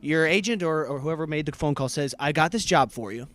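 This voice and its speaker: A man's voice: on the high side, a little fast, a bit bright. A man interviewing guests at a convention, setting up context and asking questions.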